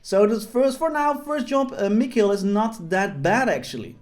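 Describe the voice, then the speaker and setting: A man's voice: sits high, animated, normal speed, darkish tone. A young man giving casual, joking commentary over his gameplay as a gaming video host, with frequent fillers and restarts. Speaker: gaming YouTuber.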